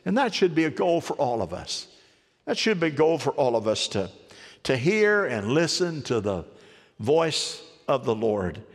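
A male pastor preaching a sermon in a folksy, animated way, asking his congregation questions. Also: mid-range voice, measured pace, in a large hall.

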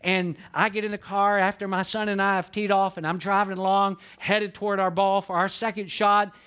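Man, pastor, sermon, high voice, middle-aged, animated storytelling, hushed earnest asides. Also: normal speed, clean tone.

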